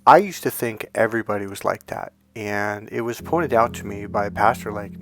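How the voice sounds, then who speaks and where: A man's voice: lowish voice, brisk. A man, a coach, telling a personal story in an earnest, rambling way, often correcting himself mid-sentence. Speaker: dating and healing coach.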